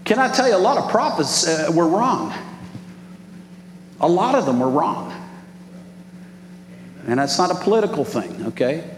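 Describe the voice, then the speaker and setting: A man, preaching an animated sermon as pastor and calling out to the congregation. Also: on the high side, moderate pace, pauses often. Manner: animated preaching with crowd call-outs. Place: large church hall. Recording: echoey hall with background noise.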